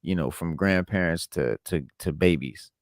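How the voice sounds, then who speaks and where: A man's voice: sits low, normal speed, dry recording, clean studio sound. A man from New York co-hosting a podcast, telling stories in a laid-back, slangy way. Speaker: podcast co-host. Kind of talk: casual chat.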